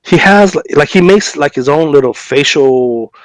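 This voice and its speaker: This co-host's voice sits on the high side, with lively intonation and an unhurried pace, though he is recovering from a cough and fever. Chatting casually on the podcast, he tells a long story and acts out both sides of a conversation, with lots of fillers, repeats and restarts. The audio is dry and poor.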